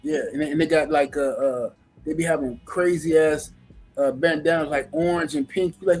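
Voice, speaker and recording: A man's voice: on the high side, steady tone, normal speed, darkish tone, soft background music, rough recording. A man co-hosting a podcast, talking in loose, profane banter full of fillers. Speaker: podcast co-host.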